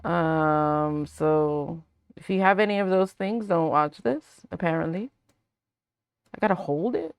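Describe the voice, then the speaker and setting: A woman's voice: low-pitched, measured pace, smooth, no echo. A woman hosting a let's play, giving rambling, jokey commentary as she plays. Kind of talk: casual game commentary.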